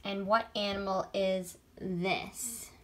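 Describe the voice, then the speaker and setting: A woman who is a children's librarian, gently teaching a sing-along lesson for small children. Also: mid-range voice, steady tone, takes it slowly. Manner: gentle, encouraging, sings with ukulele.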